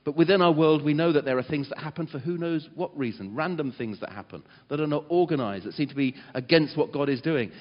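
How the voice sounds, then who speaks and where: A man preaching a sermon, animated and dramatizing quotes. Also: fairly high pitch, fast, few pauses. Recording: muffled sound with long hall reverb.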